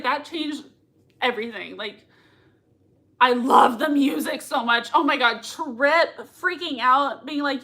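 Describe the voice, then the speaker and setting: A woman's voice: sits high, bright, forceful tone. A young woman hosting a live reaction stream, gushing and squealing with emotion. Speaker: livestream reaction host. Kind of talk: excited live reaction chat.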